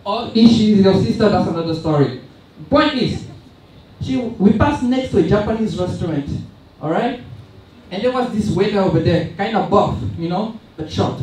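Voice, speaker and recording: Young male stand-up comic, high-pitched, self-mocking storyteller, recorded from far off in a big hall. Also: expressive, normal speed, darkish tone. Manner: chatty, self-mocking, loose storytelling with frequent asides. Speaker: stand-up comedian. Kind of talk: stand-up comedy set. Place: large event hall with audience.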